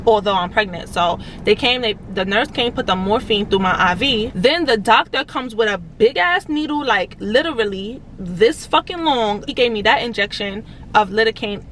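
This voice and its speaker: Animated high-voiced woman telling a story. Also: moderate pace, hardly any pauses, slight background noise, poor audio. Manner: animated, profanity-heavy, addresses viewers as y'all. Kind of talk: casual storytelling to viewers.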